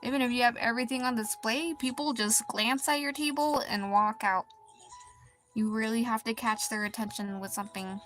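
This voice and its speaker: A woman streaming as an artist, chatting casually while she draws, in a halting, rambling and quietly deflated way. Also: a little high, steady tone, faint music behind. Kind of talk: casual chat while drawing.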